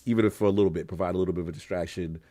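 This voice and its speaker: A man's voice: low voice, steady tone, very fast, dark tone, dry recording. A man hosting a gaming podcast, talking in a slangy, hyped way and often talking over the others. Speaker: podcast host. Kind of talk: casual podcast chat.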